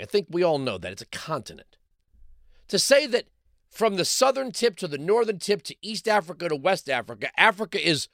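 A man's voice: high-pitched, fairly bright tone, no room sound, clean studio sound. A middle-aged man, hosting a talk show and delivering an opinionated monologue full of rhetorical questions. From New York City. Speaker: radio talk show host.

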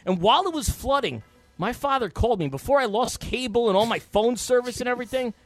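A man hosting a comic morning radio show, telling stories and often getting worked up to shouting. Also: very high-pitched, animated, quick pace, no echo, soft background music. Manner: storytelling, rising to exasperated shouting.

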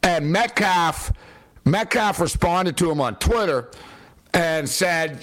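A man with a high voice vents about football in a sarcastic, exasperated monologue. He talks bluntly and casually, like a fan commentator on his own show. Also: expressive, a little slow, fairly bright tone, soft background music. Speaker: sports commentator. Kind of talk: opinionated sports rant.

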